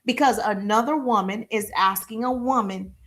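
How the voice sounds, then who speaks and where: High-voiced energetic woman sales coach. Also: moderate pace. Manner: energetic, repetitive, acts out little dialogues with high-pitched voices. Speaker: sales and marketing business coach. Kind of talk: live-streamed coaching talk.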